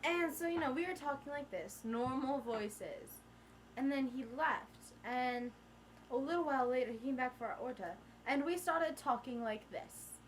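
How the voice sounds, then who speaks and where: A woman's voice: high voice, normal speed, slight background noise. A teenage girl vlogging, telling a story in casual chat and acting out the people in it. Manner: animated, acts out the people in the story.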